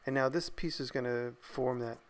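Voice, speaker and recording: A man casually narrating a voice-over of his workshop build, thinking aloud in a relaxed, tired way. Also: mid-range voice, moderate pace.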